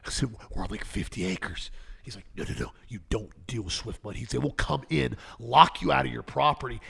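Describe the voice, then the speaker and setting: A man co-hosting a health talk show, with a very gravelly, husky voice. He tells stories with animation and acts out the people he quotes. His pitch sits in the middle of the male range. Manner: animated storyteller acting out quoted dialogue. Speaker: co-host.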